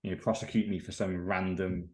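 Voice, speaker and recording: Podcast host guy, lowish voice, animated, swears a lot. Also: a little fast. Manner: animated storytelling, swears freely. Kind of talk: casual podcast chat.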